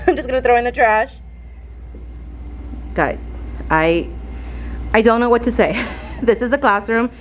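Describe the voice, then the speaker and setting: A woman, a fourth-grade teacher, vlogging from her classroom with a phone, animated and laughing often, audibly stressed and frustrated. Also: a little high, unhurried, pauses often, a little hiss or hum, poor audio. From Texas. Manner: animated, laughs often, keeps addressing viewers as y'all. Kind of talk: casual classroom vlog. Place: indoor school classroom.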